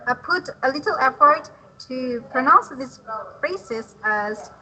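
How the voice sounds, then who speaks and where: A woman teaching an English lesson online, patient and encouraging, speaking slowly and clearly. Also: high voice, lively intonation, pushed and bright, rough recording.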